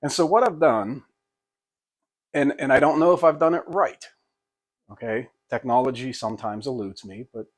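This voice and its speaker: A man's voice: mid-range voice, normal speed, pauses often. Folksy older man rambling casually. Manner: rambling, folksy, self-deprecating with many restarts. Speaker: pastor and hobby woodworker. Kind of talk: casual talk to camera.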